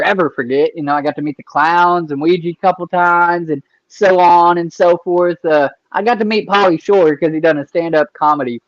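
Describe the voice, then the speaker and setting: A man hosting a casual interview, talking loosely with easy profanity and shout-outs to viewers. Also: a little high, no echo, muffled recording. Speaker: podcast interviewer.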